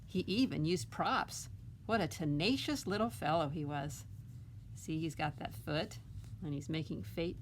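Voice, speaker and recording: Woman reading aloud to kids, library storytime, coaxing questions, very slow, lowish voice. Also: slight background noise. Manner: asks children questions, coaxing "huh?" tags. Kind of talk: children's picture book read-aloud.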